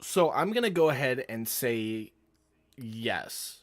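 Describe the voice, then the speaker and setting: A man's voice: mid-range voice, lively intonation, slow pace. Man running a tabletop game. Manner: casual, laughs often while narrating. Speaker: dungeon master.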